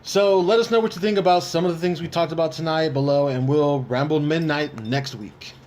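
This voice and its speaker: A man's voice: a little high, a little fast, darkish tone. A man co-hosting a casual podcast, telling rambling stories and bantering defensively with friends. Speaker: podcast co-host. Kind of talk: casual chat. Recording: faint background noise.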